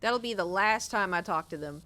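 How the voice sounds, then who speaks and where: A woman's voice: mid-range voice, moderate pace. A woman streamer chatting casually while she plays, rambling and swearing as she tells stories. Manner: rambling, profane, animated storytelling. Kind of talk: casual chat while gaming.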